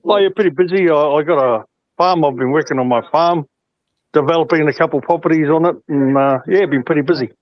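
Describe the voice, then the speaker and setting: A man's voice: on the high side, quick pace, no echo. A man from New Zealand with a New Zealand accent, an easygoing panel guest chatting casually. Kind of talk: casual chat. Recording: muffled old-telephone sound.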